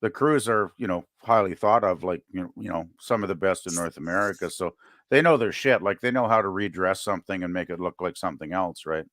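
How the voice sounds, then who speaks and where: A man's voice: low-pitched, a little fast, a bit bright, no room sound, clean studio sound. A man from Canada co-hosting a casual chat, hedging with fillers. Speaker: podcast co-host.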